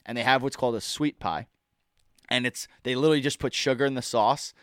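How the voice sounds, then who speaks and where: A young man on a podcast telling a party story in casual chat, animated and profane, acting out his friends' lines. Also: medium pitch, a little fast, clean tone, dry recording, studio quality. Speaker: podcast co-host.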